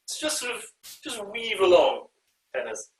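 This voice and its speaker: Directing a choir online, a man hesitates with frequent ums and uhs while singing and speaking short phrases to show how they should sound. His voice sits high with big pitch swings, captured over a video call from a distance in an echoey room.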